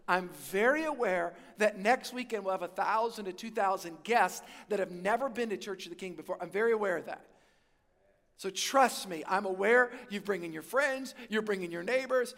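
A man's voice: sits high, fairly bright tone, in a large hall. A pastor preaching a sermon to his congregation, full of call-and-response and repeated words as he builds to key points. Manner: repeats words and restarts phrases, stretches key words. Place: large church auditorium.

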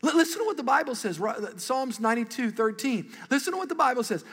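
A middle-aged man, a pastor, preaching an animated, conversational sermon and calling for responses from a large congregation. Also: extremely high pitch, fast talker, long reverb tail. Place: large church auditorium.

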